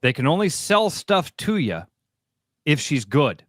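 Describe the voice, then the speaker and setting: A man's voice: fairly high pitch, sing-song, measured pace, a bit bright, no echo, clean studio sound. Emphatic Midwestern sports radio man. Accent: American Midwest. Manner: emphatic, repetitive, preachy riffs. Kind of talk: opinionated sports talk. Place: radio studio.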